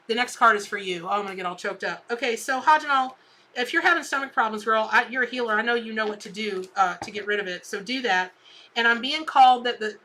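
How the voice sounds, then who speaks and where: A woman's voice: a little high, sharp tone. A woman hosting a live tarot stream, chatty and rambling as she calls viewers by name.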